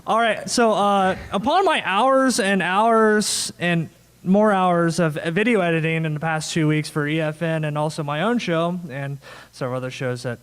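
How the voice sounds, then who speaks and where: Man, high voice, casual panel moderator with a quick joking manner. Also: a bit bright, clean tone. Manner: joking, laughing, quick asides. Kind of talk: casual convention panel chat. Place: convention panel room.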